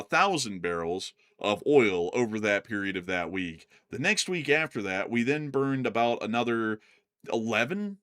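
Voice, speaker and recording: A man's voice: medium pitch, a bit bright. A man co-hosting a live stream, answering viewer questions in a casual, conversational way with frequent fillers and restarts. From United States.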